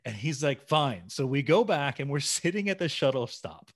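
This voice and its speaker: A man co-hosting a podcast, telling a story in a casual, animated way, acting out dialogue and laughing along. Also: medium pitch, moderate pace. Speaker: podcast co-host.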